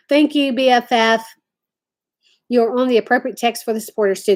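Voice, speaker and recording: A woman's voice: a little high, moderate pace, long pauses. A woman hosting a casual craft livestream from home, chatting and reading viewer comments aloud. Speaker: livestream host.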